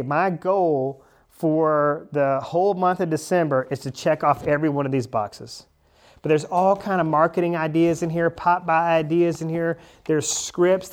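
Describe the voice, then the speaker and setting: A man, coaching a class of real estate agents in a classroom and acting out the conversations they might have. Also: a little high. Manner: animated, acts out imagined conversations. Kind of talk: classroom training talk.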